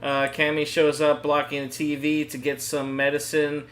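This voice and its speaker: Bright-voiced young man, rambling chat. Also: fairly high pitch, monotone, normal speed, poor audio. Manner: rambling, hesitant, laughs often. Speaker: gaming YouTuber co-host. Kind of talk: casual chat over a game stream.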